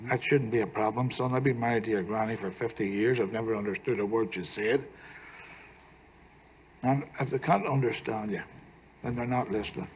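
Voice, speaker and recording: An older actor playing a gentle, humorous grandfather who gives his grandson life advice in a film scene, with a teasing tone. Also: on the low side, fairly quick, a little hiss or hum, lightly acted, rough recording.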